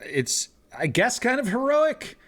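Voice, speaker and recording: A young man telling a funny story to friends in casual chat, animated, laughing as he goes. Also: very high voice, unhurried. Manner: animated anecdote with laughing asides and acted quotes. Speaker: tabletop game player.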